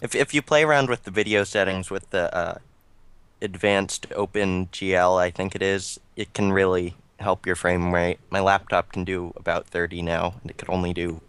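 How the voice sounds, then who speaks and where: A man's voice: deep voice, steady tone, moderate pace, a bit bright, smooth, no echo. A man in casual podcast chat, explaining things in a matter-of-fact way.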